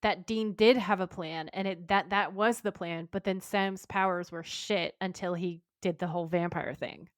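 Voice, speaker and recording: A woman's voice: lowish voice, fairly even intonation, moderate pace, few pauses, no echo, studio quality. A woman co-hosting a podcast, chatting casually as she recaps episode scenes, reads dialogue aloud and giggles often. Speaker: podcast co-host.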